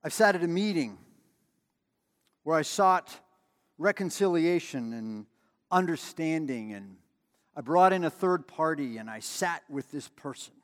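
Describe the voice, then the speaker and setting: A man's voice: fairly high pitch, lively intonation, a little slow, pauses often, big-room sound. A man preaching a sermon in a conversational way, with emphatic repetition and storytelling asides. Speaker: pastor.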